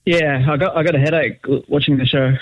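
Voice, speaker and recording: A man from Australia with an Australian accent, calling in to a talk show and joking, with halting restarts. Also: a little high, fairly even intonation, no room sound. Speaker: caller. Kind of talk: casual phone call. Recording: tinny phone line.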